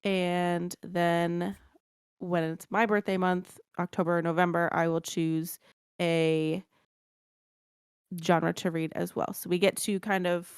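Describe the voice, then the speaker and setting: A woman's voice: fairly low pitch, level tone, slow pace, smooth, dry recording. Swearing young woman, dry close sound. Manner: swears casually, repeats herself. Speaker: podcast co-host. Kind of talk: casual chat.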